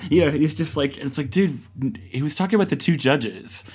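A man guesting on a political comedy podcast, tossing off dry, deadpan wisecracks. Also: a little high, fairly quick, husky. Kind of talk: casual political comedy chat.

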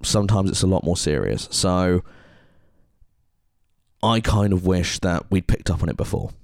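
Earnest male podcast co-host, low voice, dry close sound. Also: lively intonation, normal speed, vocal fry, a little mellow, no echo. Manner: earnest and heartfelt. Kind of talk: casual podcast chat.

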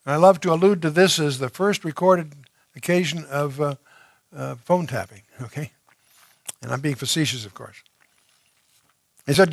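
A man with a fairly high voice teaches through scripture verse by verse. He reads a passage aloud, then explains it in a conversational, unpolished way, with fillers and restarts. The recording is dry, with no room echo. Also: moderate pace, creaky, pauses often. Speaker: Bible teacher.

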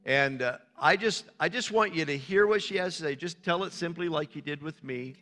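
Male pastor, bright voice, casual preaching, echoing church hall with music under it. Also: fairly high pitch, normal speed. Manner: informal, encouraging, short questions to the congregation. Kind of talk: sermon.

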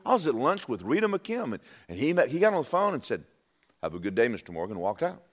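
A man's voice: wildly swooping pitch, fast. A man preaching a sermon and telling a personal story, stumbling over and repeating words as he talks. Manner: drops low and quiet for quoted speech.

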